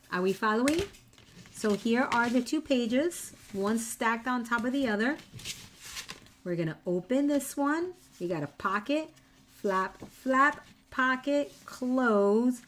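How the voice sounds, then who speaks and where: A woman walks viewers through a craft project at a relaxed, slow pace. She is chatty and teasing with her audience and repeats each step. A faint hiss sits behind her voice. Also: on the high side. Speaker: papercraft tutorial host. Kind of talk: live-stream craft tutorial.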